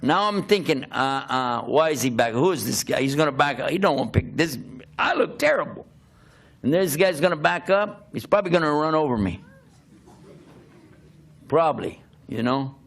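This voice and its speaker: An older man, a preacher, telling a humorous personal story in an animated, self-mocking way, often laughing as he talks. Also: a little high, moderate pace.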